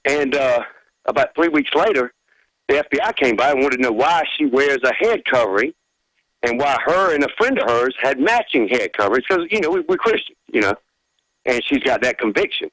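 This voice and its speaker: A man's voice: medium pitch, animated, brisk, a bit bright, dry recording, low-quality recording. A man calling in to a radio show, rambling and chatty with many fillers. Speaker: caller. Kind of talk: phone-in call to a radio show.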